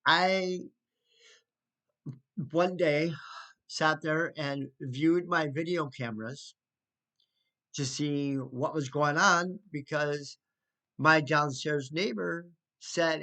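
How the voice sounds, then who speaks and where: A man recounts a neighbor dispute in an unhurried, casual storytelling voice. He sounds indignant and slips into sarcastic asides. His pitch sits a touch high for a man, and he often stops to restart a thought. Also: sharp tone. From United States. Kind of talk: casual spoken storytelling to camera.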